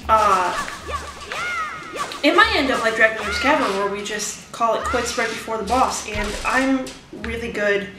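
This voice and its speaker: A woman talks her way through a video game, rambling between thoughts and tossing dry asides at her viewers. Her voice sits a touch high and sounds set back from the mic in an echoey room, with music playing underneath. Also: distant mic. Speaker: let's play commentator. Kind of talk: casual gameplay commentary.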